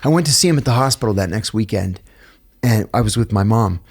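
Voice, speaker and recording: A middle-aged man from the United States, guesting on a podcast, tells personal stories in a casual interview. He's an animated storyteller who acts out the voices of people he quotes and laughs at his own tales. His voice is fairly low and quick, with a breathy edge.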